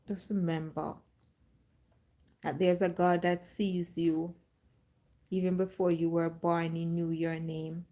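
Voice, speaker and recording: Slow-speaking woman giving testimony. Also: on the low side, flat delivery, dark tone. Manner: slow storytelling, dramatic re-enactments. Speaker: livestream host. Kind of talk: faith testimony on a livestream.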